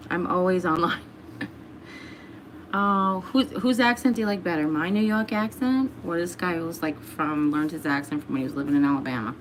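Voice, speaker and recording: A woman's voice: low-pitched, fairly quick, a little hiss or hum. A woman hosting a casual livestream from home, reading out viewer comments and laughing often as she chats. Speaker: livestream host.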